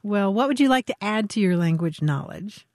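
A woman's voice: mid-range voice, expressive, moderate pace, a little mellow, no echo, clean studio sound. A woman co-hosting a radio show about language, chatting and laughing easily. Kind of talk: casual radio chat.

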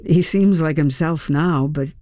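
A woman voicing a soft-spoken male police officer who talks quietly about his dog, in an audiobook. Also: sits low, unhurried, dry recording, studio quality. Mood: subdued, worried. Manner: quiet, hushed. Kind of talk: audiobook character reading.

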